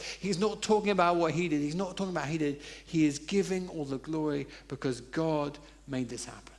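A man's voice: fairly high pitch, brisk, few pauses. A man preaching a sermon, telling funny personal stories in a conversational way. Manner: conversational, humorous storytelling.

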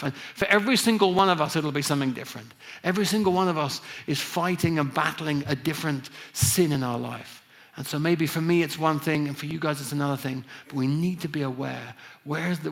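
A man's voice: a little high, a bit bright. A middle-aged man from England preaching a conversational sermon, with frequent restarts and fillers.

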